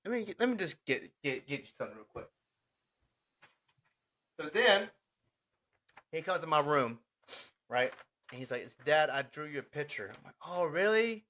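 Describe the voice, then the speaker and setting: On a casual podcast he co-hosts, a young adult man recounts comic moments with his son, pausing often. His voice sits on the high side at a normal speed, and he laughs a lot while animatedly playing out the dialogue.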